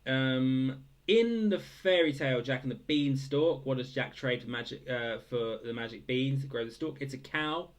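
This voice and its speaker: A man's voice: medium pitch, moderate pace. Hesitant young Englishman reading quiz answers. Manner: hesitant, many fillers, dry joking asides. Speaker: quiz host. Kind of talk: casual quiz answer read-through.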